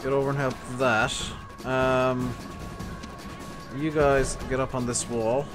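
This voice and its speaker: A man's voice: medium pitch, little pitch movement, slow, over music. A man livestreaming a strategy game, commentating and bossing and swearing at his troops. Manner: bossy, swearing at his units. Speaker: game streamer. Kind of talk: live gameplay commentary.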